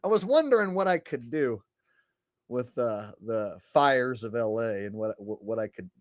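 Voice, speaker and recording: A man's voice: medium pitch, expressive, moderate pace, dry recording, studio quality. A man hosting a casual commentary vlog, rambling in a sarcastic, profane way. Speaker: channel host.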